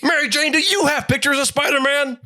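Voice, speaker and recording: A man putting on a blustering male newspaper boss who yells orders in a strained high voice. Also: brisk, full character voice. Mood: yelling.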